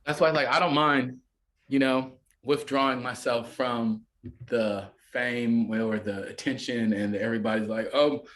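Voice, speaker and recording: A man's voice: medium pitch, steady tone, unhurried, a bit bright. Rambling man in casual podcast chat. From United States. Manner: rambling, filler-heavy, often acts out quoted voices. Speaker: podcast guest, musician.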